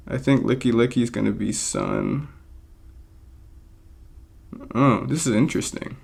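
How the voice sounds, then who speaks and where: A mid-range, darkish voice with vocal fry belongs to a draft league coach and video creator, born in England and raised American. He is expressive and unhurried, pausing often as he chats casually through a competitive game, rambling with lots of ums and self-deprecating laughter.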